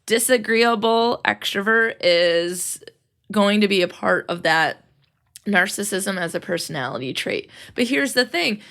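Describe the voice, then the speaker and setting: A woman's voice: medium pitch, expressive, unhurried, fairly bright tone. A young adult woman hosting a casual podcast chat, talking freely, laughing often and acting out what people say. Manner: chatty, laughs often, acts out quotes. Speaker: podcast host and teacher.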